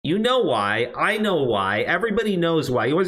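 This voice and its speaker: A man's voice: on the high side, big pitch swings, fairly quick, hardly any pauses, a bit bright. A man ranting on a live stream from his office, swearing a lot and stammering through restarts. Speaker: streamer and commentator. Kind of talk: profane live-stream commentary. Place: new office.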